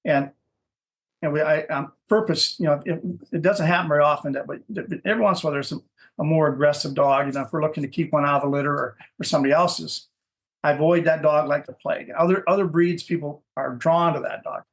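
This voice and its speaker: The speaker is a man with a fairly high voice who breeds dogs in Minnesota. Telling stories in an informal interview, he rambles and says words over again while figuring out what to say next.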